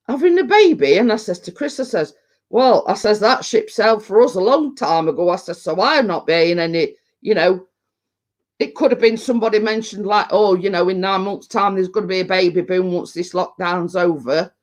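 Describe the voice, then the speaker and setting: A man, chatting casually on a livestream, rambling and halting with many restarts, a little tipsy. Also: high-pitched. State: tipsy from home brew. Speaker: livestream host. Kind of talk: casual chat reading viewer comments.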